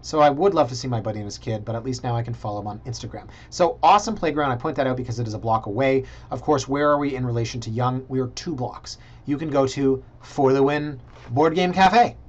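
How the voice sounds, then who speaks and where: A man's voice: medium pitch, fast talker, hardly any pauses, muffled recording. A man, a realtor chatting casually through property listings and thinking aloud with joking asides. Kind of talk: casual screen-share vlog commentary. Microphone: computer mic.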